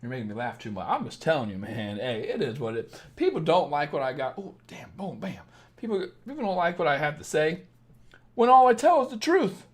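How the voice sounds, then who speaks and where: A man's voice: a little high, very animated, a little fast. Blunt, profane man with a Southern Illinois accent. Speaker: dating coach. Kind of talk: late-night livestream chat.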